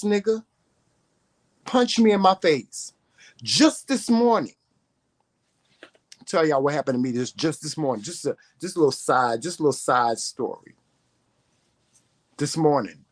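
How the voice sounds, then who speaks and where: A man vlogging to camera, telling a story in a profane, confrontational rant full of emphatic repetition. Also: medium pitch.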